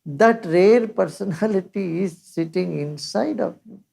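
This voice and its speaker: An older woman giving a measured spiritual discourse as a teacher, reciting scripture verses along the way. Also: mid-range voice, creaky, warm tone.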